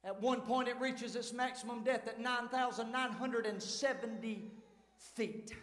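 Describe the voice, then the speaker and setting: High-voiced pastor preaching in a hall. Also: male voice, steady tone, unhurried. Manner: dramatic preaching, swinging from shouts to hushed tones. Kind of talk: sermon. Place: large church sanctuary. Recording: echoey hall with long reverb.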